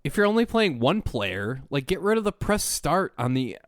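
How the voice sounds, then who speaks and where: A man's voice: on the high side, very animated, normal speed, no room sound, studio quality. A man co-hosting a gaming podcast, talking in a casual, rambling way full of "like" fillers. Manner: rambling, heavy use of "like" fillers. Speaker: podcast co-host. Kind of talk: casual chat.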